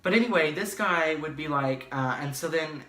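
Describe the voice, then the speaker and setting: A young man telling a casual storytime vlog from his bedroom, rambling and animated, full of fillers and restarts. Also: a little high, moderate pace. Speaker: vlogger. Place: his bedroom, in front of a green screen. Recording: echoey room, slightly far from mic.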